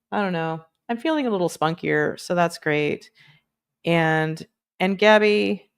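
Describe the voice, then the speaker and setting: Unhurried, low-voiced woman host, rambling. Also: vocal fry. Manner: rambling, chatty, many fillers, playful asides. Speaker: livestream host. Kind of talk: casual livestream chat.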